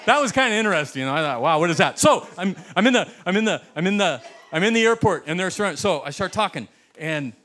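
American pastor guy telling a story in his sermon, fairly high voice, keeps chuckling and acting out the people he met. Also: lively intonation, fast talker, hardly any pauses, a bit bright. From United States. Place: church sanctuary.

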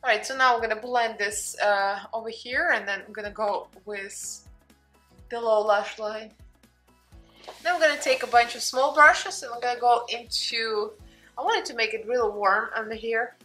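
A woman's voice: a little high, normal speed, bright, forceful tone, soft background music. A young adult woman with a Russian accent, chatting casually through a makeup tutorial and talking to her cat along the way. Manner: chatty, talks to her cat between steps. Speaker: beauty vlogger.

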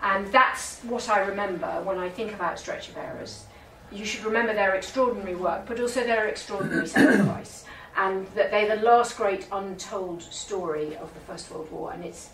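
A woman's voice: mid-range voice, steady tone, normal speed, hardly any pauses, crowd noise. British woman historian, lecture voice, heard from a distance in a reverberant museum room. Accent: British English. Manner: storytelling, warm asides and self-corrections. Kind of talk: public lecture with anecdotes. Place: museum gallery. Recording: echoey room, distant mic, faint noise.

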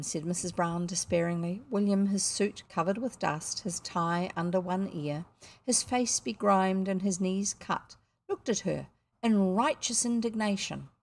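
A woman's voice: medium pitch, lively intonation, measured pace, a little mellow. A woman reading a children's book aloud, stopping for chatty asides between chapters. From New Zealand. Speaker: reader.

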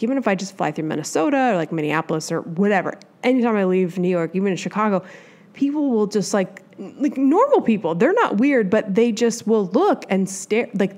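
A woman's voice: medium pitch, lively intonation, fairly quick, darkish tone. A woman from the Midwest hosting a solo advice podcast, talking in a chatty, rambling way with lots of asides. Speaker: podcast host.

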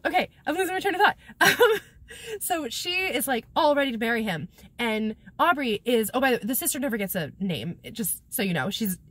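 Giggling and sarcastic, a woman vlogger recaps a book in a loose, rambling way, swearing freely as she speaks to her camera viewfinder via a camera mic. Her voice sits on the high side, a bit bright and slightly rough, with no echo.

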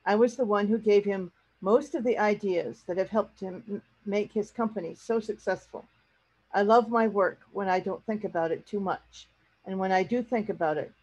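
A woman teacher reading a story aloud to her class, in a husky, breathy voice at a middle pitch. She stops now and then to explain a word to her learners in plain terms. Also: muffled recording. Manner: pauses to explain words to learners.

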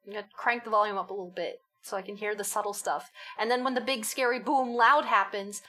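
A woman's voice: mid-range voice, steady tone, fast, sharp tone. A young woman streaming a horror game live, talking to herself in a jittery, giggly way and swearing as she goes. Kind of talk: live gaming commentary.

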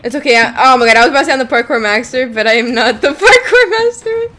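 A young woman streams a game in casual chat, her voice high and lively, full of shrieks and giggles. It often drops to a low mumble between bursts. A faint hiss sits under the recording. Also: quick pace.

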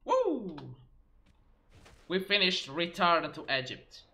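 Bright-voiced male game streamer. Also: medium pitch, a little slow. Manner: chatty, exclaiming at the game, talking to chat. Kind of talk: live game stream commentary.

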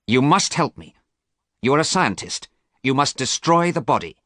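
A man's voice: lowish voice, huge pitch swings, moderate pace, vocal fry, fairly bright tone, dry recording, clean studio sound, pitched above the performer's own voice, exaggerated voice. A man voicing a desperate young man who urgently commands and threatens. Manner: urgent, insistent pleading.

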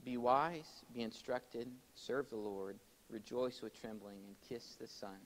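A man preaching a sermon to his congregation in a church, swinging between loud, emphatic exhortation and quiet explanation, and calling for amens. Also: medium pitch, unhurried, a little hiss or hum, rough recording. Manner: addresses congregation directly, calls for amens. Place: church sanctuary.

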